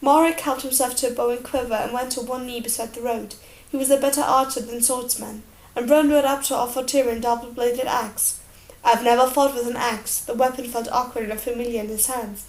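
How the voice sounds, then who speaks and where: High-voiced woman reading an audiobook. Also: a little fast. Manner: steady, expressive storytelling. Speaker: audiobook reader. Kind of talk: audiobook narration. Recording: roomy echo.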